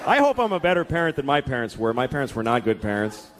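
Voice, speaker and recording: A middle-aged man works a comedy club stage with profane, exasperated stories, acting out voices as he goes. His medium-pitched delivery is sing-song and fast. The live recording includes crowd noise and laughter from the audience.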